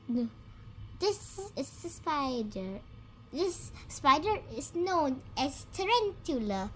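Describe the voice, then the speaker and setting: A woman teaching young children animal names in a slow, sing-song way, spelling and repeating each word. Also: sits high, very animated, a bit bright, slight background noise. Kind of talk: children's vocabulary lesson.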